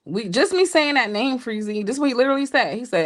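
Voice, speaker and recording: Animated woman telling a story. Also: fast talker. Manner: animated, jumps high when quoting people; laughing, playful asides to listeners. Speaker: podcast co-host telling a story. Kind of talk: casual storytelling chat.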